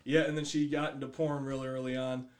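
A man's voice: mid-range voice, flat delivery, fast talker, darkish tone. A man telling a crude, rambling comic story, swearing often and breaking into laughter.

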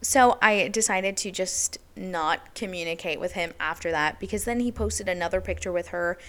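A woman's voice: lowish voice, normal speed, fairly bright tone. A young adult woman hosting a podcast, telling a personal story in a candid, casual way with lots of "like". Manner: candid, chatty, heavy use of "like". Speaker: podcast host.

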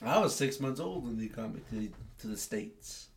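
A man's voice: mid-range voice, animated, normal speed. Laid-back young man saying "bro". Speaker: podcast guest. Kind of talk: casual chat.

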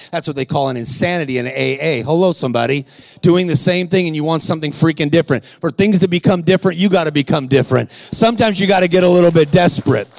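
A man preaching a sermon, telling stories in a slangy, fervent way that rises to shouts. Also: mid-range voice, creaky. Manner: storytelling, rising to shouts.

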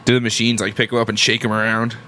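Low-voiced joking male co-host. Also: completely flat delivery, very fast, pushed and bright, slight background noise. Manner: joking, short interjections. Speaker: podcast co-host. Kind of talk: casual chat.

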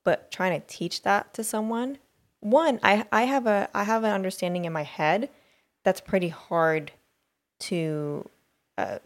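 A woman's voice: medium pitch, a little slow. A woman co-hosting a podcast, talking in a rambling, hesitant way and searching for her words. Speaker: podcast co-host. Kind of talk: casual chat.

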